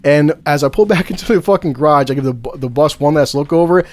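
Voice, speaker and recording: A man's voice: fairly high pitch, fast, a little mellow, no echo. A man on a podcast telling a crude story with lots of swearing, breaking into laughs and acting out quotes. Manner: heavy swearing, laughs mid-sentence, acts out quotes. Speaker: podcast co-host.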